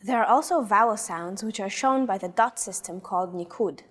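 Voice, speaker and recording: A woman co-host slowly modeling pronunciation for learners, careful and deliberate. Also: mid-range voice, a bit bright. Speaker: native-speaker co-host.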